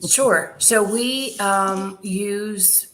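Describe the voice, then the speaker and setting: A woman in an interview telling her charity's story in an animated way, laughing often and quoting what others said. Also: mid-range voice, very slow, slight background noise. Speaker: charity founder guest.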